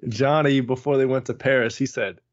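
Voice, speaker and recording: A man's voice: mid-range voice, fairly even intonation, no room sound. Easygoing young man who laughs a lot. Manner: easygoing, laughs a lot, lists names slowly. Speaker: podcast co-host. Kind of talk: casual chat. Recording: dull lo-fi dry recording.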